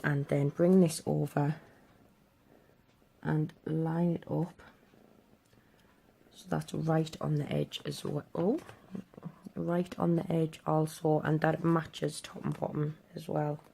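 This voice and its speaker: Low gravelly-voiced woman crafter. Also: level tone, slow, pauses often, warm tone, a little hiss or hum. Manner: chatty, talks while working with her hands. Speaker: crafting tutorial host. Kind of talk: casual step-by-step craft tutorial.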